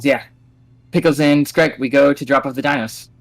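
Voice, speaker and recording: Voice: medium pitch, moderate pace, dry recording. A player in a tabletop game talking casually about their character's actions. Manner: casual, chatty, swears.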